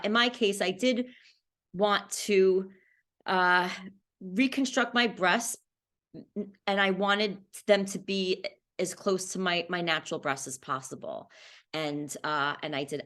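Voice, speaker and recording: Woman, forties, survivor recounting her story; candid, halting delivery with many fillers and restarts. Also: on the low side, fairly bright tone. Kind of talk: personal storytelling interview.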